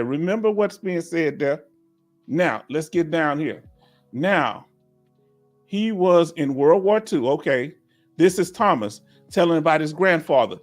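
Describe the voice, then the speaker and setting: A man from Houston, Texas with a Southern accent, hosting a casual live question-and-answer stream for veterans and reading viewer comments aloud. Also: on the high side. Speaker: livestream host for veterans.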